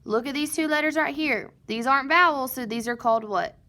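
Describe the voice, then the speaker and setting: Teaching phonics to first graders in a recording, this woman sounds out word pieces slowly and with patience, answering her own questions. Her voice sits high and has a sharp tone.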